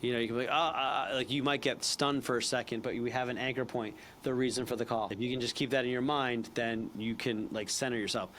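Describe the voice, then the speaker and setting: A man teaching a sales training session in a casual, animated way, acting out bits of phone calls. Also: medium pitch, quick pace, hardly any pauses, slight background noise.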